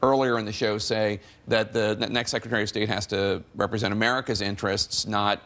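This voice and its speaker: A man moderates a political panel on television. His voice sits a little low, and he speaks in a measured way, now and then dropping a wry aside. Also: flat delivery, fairly bright tone. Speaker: host. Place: television studio.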